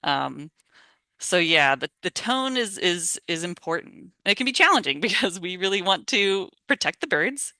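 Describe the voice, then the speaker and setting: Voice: mid-range voice, big pitch swings, normal speed, bright, forceful tone, dry recording. A volunteer trainer giving a casual online training talk, chatty and informal, laughing often and acting out sample lines over a video call microphone. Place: home or office on a video call.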